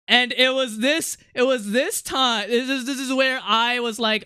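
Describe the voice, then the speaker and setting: A male streamer chatting casually, rambling along with many fillers and quick restarts. His voice is bright and smooth, recorded on a close desk mic in a dry, dead room. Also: very high voice, dry recording. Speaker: livestreamer.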